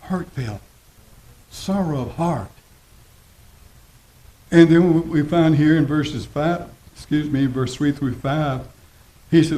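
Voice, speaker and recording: A man preaching a sermon as pastor, folksy and repetitive, slowing down to stress his points. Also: fairly high pitch, dark tone. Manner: folksy preaching, repeats phrases, slows for emphasis. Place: church sanctuary. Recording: roomy church echo.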